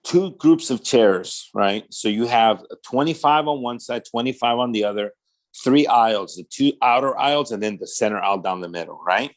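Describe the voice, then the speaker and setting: During a podcast interview, a medium-pitched man speaking at a moderate pace shares his testimony as a pastor. He animatedly performs the voices of people in his story and uses casual street slang, saying "man" often.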